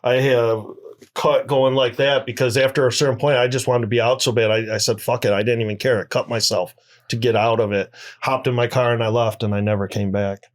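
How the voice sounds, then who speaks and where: A man being interviewed on a podcast, telling his story in halting bursts with many restarts. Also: medium pitch, fairly even intonation. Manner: halting, many restarts, recounting a harrowing experience. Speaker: interview guest.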